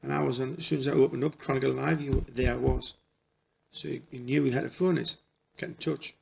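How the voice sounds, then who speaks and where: A middle-aged man telling a personal story in a halting, emotional way, restarting his sentences often. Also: mid-range voice, steady tone, vocal fry, a little hiss or hum. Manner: halting, repeats and restarts, folksy dialect. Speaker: spiritual healer.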